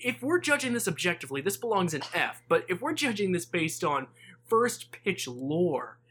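A man's voice: sits high, very animated, normal speed, a bit bright, a little hiss or hum. A man co-hosting a sports podcast, chatting casually and telling jokey stories with mock-analytical flair. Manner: joking, mock-analytical, storytelling. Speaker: podcast co-host.

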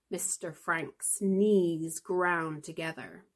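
A woman podcast host with a lowish voice reads a fantasy novel aloud for English learners, taking it slowly in an expressive storytelling style.

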